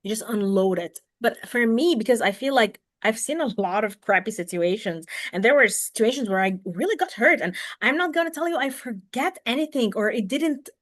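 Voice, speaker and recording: A woman hosting a podcast over a video call, her voice sitting a little high. She talks casually and animatedly, dropping to a hush and then bursting loud as she acts out what others said. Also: brisk, few pauses. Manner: animated, swings between soft and loud, acts out quotes. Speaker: podcast host.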